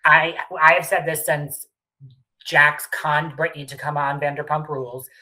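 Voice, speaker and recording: A woman's voice: sits low, steady tone, moderate pace, sharp tone, rough recording. A woman co-hosting a casual podcast chat recapping reality TV, emphatic and swearing freely. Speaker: podcast co-host.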